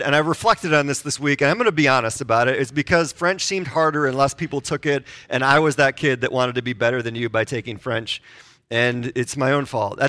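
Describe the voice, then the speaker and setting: A man's voice: on the high side, pushed and bright, no echo. A man in his forties preaching a sermon, conversational and self-deprecating, asking the congregation questions. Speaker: pastor.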